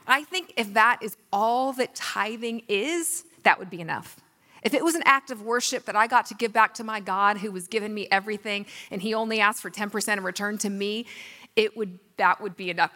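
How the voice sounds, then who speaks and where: Bright earnest woman in a reverberant space. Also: mid-range voice. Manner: earnest, animated, laughs at herself. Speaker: Christian speaker. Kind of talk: faith talk on money and tithing.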